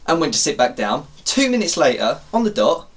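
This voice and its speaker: A young man vlogging, telling a story to camera in an animated, exasperated way and swearing casually. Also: fairly high pitch, brisk.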